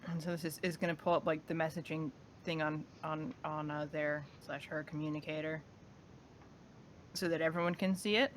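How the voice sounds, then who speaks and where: A woman's voice: low-pitched, steady tone, normal speed, a little hiss or hum. Rambling woman playing a tabletop game. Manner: rambling, lots of restarts and fillers. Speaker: player. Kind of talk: casual tabletop play.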